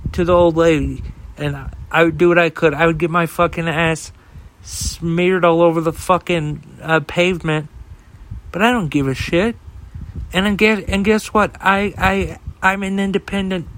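Profane ranting man, slightly high voice. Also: fairly bright tone, a little hiss or hum, low-quality recording. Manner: heated, profane, rambling with fillers and repeated starts. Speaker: podcast host. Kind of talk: casual solo rant.

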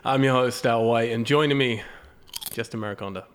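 A man hosting a casual podcast, his voice hoarse and raspy from a recent illness, talking in a loose, rambling way and laughing often. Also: medium pitch, fairly even intonation, normal speed, slight background noise. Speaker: podcast host.

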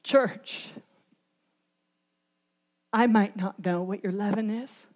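A woman preaching a sermon, moving from hushed earnest passages to impassioned near-shouts. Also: mid-range voice, slow. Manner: impassioned, swinging from quiet to shouting. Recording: long hall reverb.

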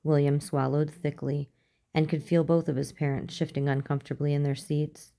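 A woman narrating a story aloud in a steady, even manner. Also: low voice, normal speed, gravelly. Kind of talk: audiobook reading.

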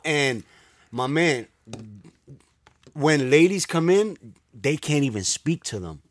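A man with a somewhat high voice whose pitch rises and falls a great deal as he cracks jokes in a loose podcast chat. His voice is recorded dry and close. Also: lively intonation, no room sound. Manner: jokey, quick to chime in. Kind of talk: casual group chat.

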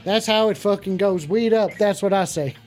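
Male comic call-in host: brash, profane, high-pitched announcer energy. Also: moderate pace, darkish tone, soft background music. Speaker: host of a joke call-in show. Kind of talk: comic stream call-in bit.

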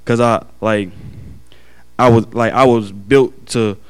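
A young man giving an earnest, halting personal testimony to his family and church, often restarting his sentences. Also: medium pitch, steady tone, smooth.

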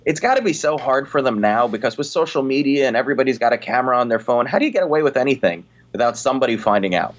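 A comedian in casual chat, talking in rambling sentences full of "you know". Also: male voice, mid-range voice, lively intonation, very fast, hardly any pauses, highs cut off.

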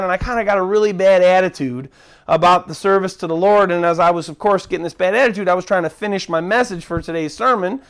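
A man's voice: high voice, quick pace. A man preaching a sermon as pastor, earnest, often repeating and restarting his words.

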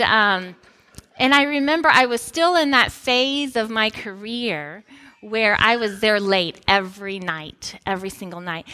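A woman's voice: mid-range voice, bright, forceful tone. A woman in her thirties gives a sermon, telling personal stories in a conversational way with playful asides. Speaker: preacher.

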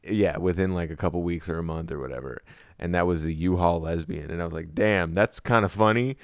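A man's voice: sits low, brisk, smooth, no echo, clean studio sound. A young man chatting crudely on a podcast, rambling with many restarts. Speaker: podcast co-host. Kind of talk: casual chat.

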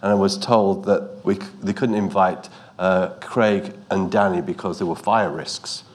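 A man, a producer speaking on a panel in a halting, chatty way and laughing often. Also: sits low, steady tone. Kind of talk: panel talk.

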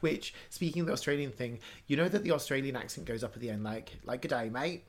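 A man's voice: medium pitch, expressive, fast talker. Chatty man from Norfolk. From Norfolk, England. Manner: rambling, laughs often, mimics accents. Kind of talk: casual chat.

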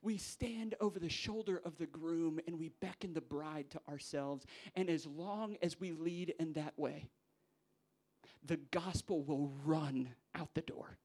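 Animated young pastor preaching. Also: male voice, measured pace. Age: young adult. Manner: animated, acts out quoted voices with big pitch jumps. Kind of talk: sermon to church leaders.

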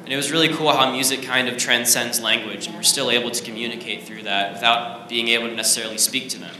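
A man's voice: medium pitch, fairly even intonation, fast talker. A man casually telling a church testimony in loose, laid-back phrasing. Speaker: student sharing a testimony. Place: church sanctuary. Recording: echoey hall, faint noise.

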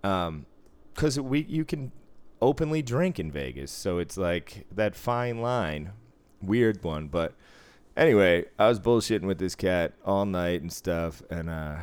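A man's voice: low voice, expressive, a little slow, darkish tone, clear, resonant tone. A man chatting casually as a casino dealer, telling loose, profane work stories and chuckling often. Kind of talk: casual podcast chat.

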